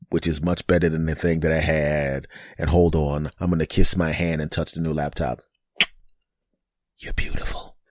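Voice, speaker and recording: A man's voice: deep voice, a little mellow, dry recording, studio quality. A man hosting his own podcast in a rambling, jokey monologue, calling his listeners bastards. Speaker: podcast host. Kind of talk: casual solo podcast monologue.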